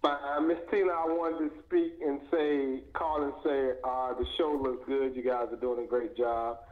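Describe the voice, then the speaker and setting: A man's voice: medium pitch, flat delivery. A man calling in to a live show, thanking the hosts in an easygoing way with many fillers. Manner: grateful, easygoing, halting with fillers. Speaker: caller. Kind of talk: casual call-in chat. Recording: tinny phone line.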